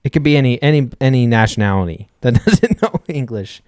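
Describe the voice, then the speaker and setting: A man's voice: mid-range voice, lively intonation, a little fast, a little mellow, dry recording. Guy on a podcast arguing, keeps restarting, darkish voice, dry sound. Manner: insistent, keeps restarting his point. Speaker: podcast co-host. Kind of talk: casual argumentative chat.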